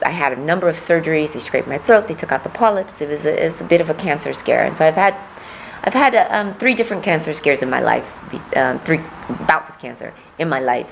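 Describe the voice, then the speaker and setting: A woman running for office, answering interview questions in a soft voice that lacks volume, earnest and repeating words as she builds her point. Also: deep voice, expressive, fairly quick, creaky, slight background noise, poor audio. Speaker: political candidate.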